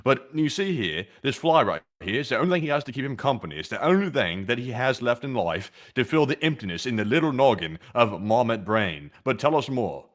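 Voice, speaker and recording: A man's voice: medium pitch, big pitch swings, a little fast, few pauses. A male co-host reads out viewer messages and thanks each supporter, then slips into mock-serious narration. His voice sits in the middle of the male range and moves up and down a lot. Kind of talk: reading donations and riffing.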